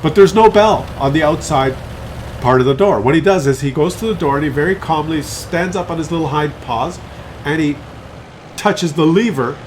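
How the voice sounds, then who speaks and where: A man's voice: a little high, a little hiss or hum. A man giving casual, playful, jokey commentary over his tank game at home. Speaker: gameplay commentator.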